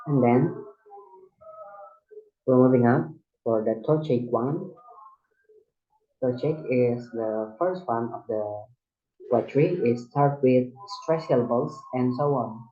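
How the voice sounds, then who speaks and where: A man whose first language is Indonesian gives a recorded lesson, explaining step by step in a halting way with frequent restarts. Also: medium pitch. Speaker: student teacher. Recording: dull lo-fi recording.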